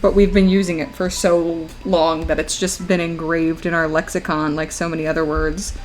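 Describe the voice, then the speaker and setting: A woman's voice: low-pitched, little pitch movement, moderate pace, rough recording. Chatty woman streamer, laughing often. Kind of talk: casual chat while drawing on a livestream.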